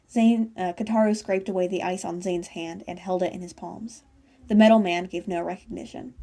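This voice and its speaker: A woman's voice: fairly low pitch, steady tone, normal speed, gravelly, warm tone. A woman reading fan fiction aloud in a casual way, stumbling and correcting herself as she goes. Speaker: fanfiction reader.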